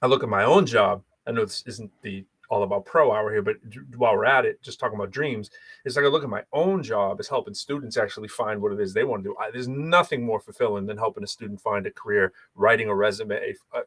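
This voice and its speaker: A man from Boston with a light Boston accent, co-hosting a podcast in casual chat, telling rambling, animated stories full of restarts. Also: fairly low pitch, quick pace, slightly rough, no room sound. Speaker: podcast co-host.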